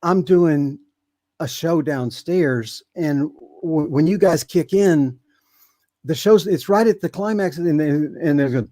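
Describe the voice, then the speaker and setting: An older man in his seventies tells his story slowly and haltingly, full of ums and restarts. His voice sits a little high for a man, and it is recorded dry and close, with no room sound. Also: mellow, dry recording. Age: 70s. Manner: rambling, halting storyteller with many fillers. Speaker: guest. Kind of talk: casual storytelling.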